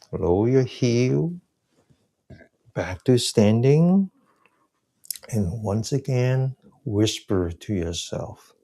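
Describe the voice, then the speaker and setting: A man teaching a breathing class, giving slow, soft guided cues and explaining with more energy. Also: lowish voice, creaky. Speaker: breathing exercise instructor.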